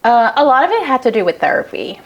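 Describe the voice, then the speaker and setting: A woman guest on a podcast in casual chat, candid and expressive, laughing easily. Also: on the high side, fast, lo-fi sound.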